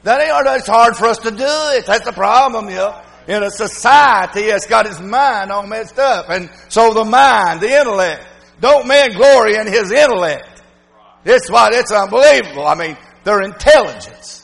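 An older preacher with a strikingly high, gravelly voice, hammering his points in an emphatic revival sermon. He swings between loud, shouted declarations and low, muttered asides. His words ring out with a long hall reverb from the church. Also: animated, moderate pace.

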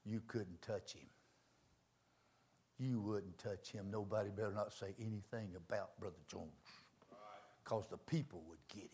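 An older man preaching a sermon, telling folksy stories, dropping to quiet asides and rising to shouts. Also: on the low side, unhurried, pauses often, slightly rough.

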